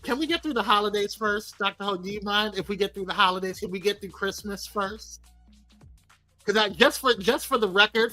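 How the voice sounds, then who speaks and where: The host of a live show chats in a sassy, teasing, playful way, calling people girl and baby and joking with the crew. The voice is mid-range, bright, and forceful, with frequent laughs and restarts, and the recording is dry.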